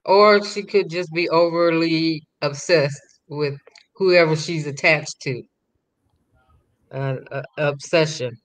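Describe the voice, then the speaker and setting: A woman co-hosting a casual chat, talking slowly and drawling her words. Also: low voice. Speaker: co-host.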